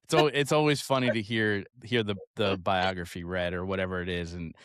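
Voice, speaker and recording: A man speaking as a guest in a podcast interview, relaxed and easygoing, with frequent "uh" and "you know.". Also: low voice, brisk, smooth, no echo, studio quality. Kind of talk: casual interview chat.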